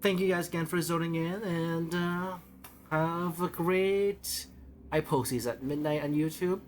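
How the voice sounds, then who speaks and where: A man streaming a video game, chatting casually and rambling, often halting to repeat his words. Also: on the high side. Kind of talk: casual gaming stream chat.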